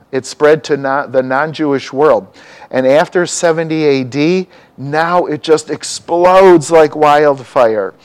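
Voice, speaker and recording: A man delivers a sermon in a conversational way, often stopping to ask the congregation questions. His voice sits a little high for a man. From mixed Dutch and Czech heritage. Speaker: pastor.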